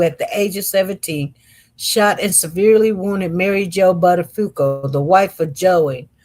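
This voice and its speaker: A woman hosts a casual livestream and reads viewer comments aloud. She talks slowly and wanders from point to point. Her manner is chatty, and she keeps turning to her audience as y'all. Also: fairly low pitch, darkish tone. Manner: chatty, slow and meandering, addresses viewers as y'all. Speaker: livestream host.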